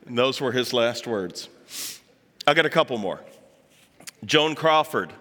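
A man's voice: medium pitch, lively intonation, a little slow, sharp tone. A man giving a chatty, joking talk to a live audience, dropping asides and putting on voices for quotes. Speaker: speaker addressing an audience. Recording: long hall reverb.

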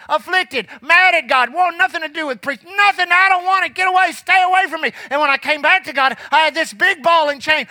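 A man preaches a fervent sermon in church, rising to shouts, then dropping low and quiet as he recounts his past. There is no room sound.

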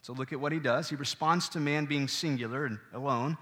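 A man's voice: medium pitch, a little fast, few pauses, big-room sound. A pastor preaching a sermon, teaching through scripture and putting questions to his listeners. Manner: animated, asks the congregation questions.

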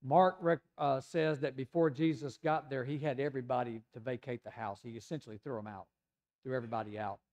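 Warm-voiced Southern preacher man. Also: medium pitch, steady tone, fairly quick. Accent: Southern American. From Tennessee, USA. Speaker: pastor. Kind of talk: sermon.

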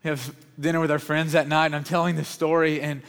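A man preaching a sermon, telling a story in an earnest voice that often drops to a hush. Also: fairly high pitch, little pitch movement, fast, creaky, clear, resonant tone. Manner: earnest, often dropping to a hushed voice. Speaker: pastor. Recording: long reverb of a large hall.

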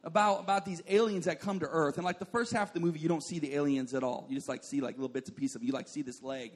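High-voiced joking male preacher. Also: steady tone, quick pace. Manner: joking, storytelling with asides to the congregation; says "like" often and calls for responses. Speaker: pastor. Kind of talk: sermon.

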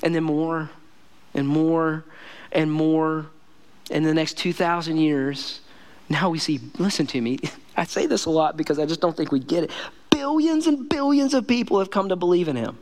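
A man with a notably high voice preaches a relaxed, conversational sermon as a pastor. He repeats key phrases for emphasis and keeps turning to the congregation with "listen to me" and "man.". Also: moderate pace, slight background noise. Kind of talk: casual sermon.

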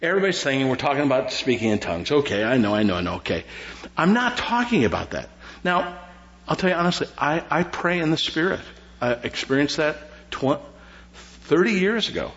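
A middle-aged man, preaching a sermon as pastor in an animated, joking way with lots of repetition. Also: fairly high pitch, fairly quick, roomy sound. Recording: dull lo-fi sound.

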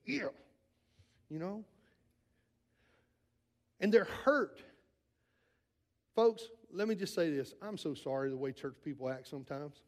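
A man preaching a sermon in an earnest style, moving between raised, urgent lines and hushed, quiet ones, and often repeating words when he presses a point. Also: sits high, normal speed, pauses often. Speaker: pastor.

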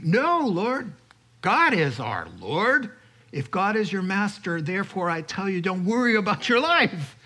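Male pastor, sermon delivery, somewhat high bright voice, animated, slips into quoted voices. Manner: animated, acts out worried voices, chuckles.

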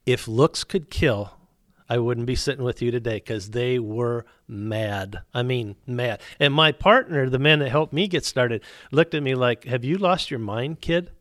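A man's voice: mid-range voice, unhurried, a bit bright, dry recording, studio quality. A middle-aged man, a business owner telling his faith story as a guest, acting out both sides of the dialogue. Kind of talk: storytelling testimony.

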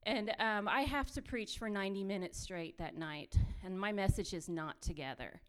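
A woman telling her own mission trip story with lively, run-on phrasing, laughing often as she goes. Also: mid-range voice, normal speed, clear, resonant tone. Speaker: missionary sharing testimony. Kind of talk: animated personal storytelling.

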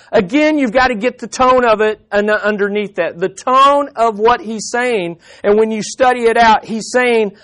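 Pastor, male, high voice, delivers an emphatic sermon full of rhetorical questions. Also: normal speed, hardly any pauses, fairly bright tone.

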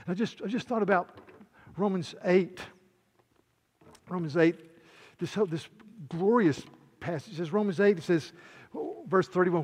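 A man preaching a sermon as pastor, swinging between loud proclamation and hushed, intimate asides. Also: on the high side, lively intonation, fairly quick, pauses often, husky, big-room sound.

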